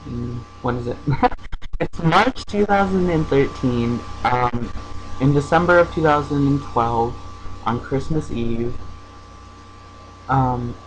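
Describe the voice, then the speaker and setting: A young man speaking casually into his camera at home, telling a personal story with many pauses, fillers and restarts. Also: medium pitch, a little hiss or hum, rough recording. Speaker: vlogger.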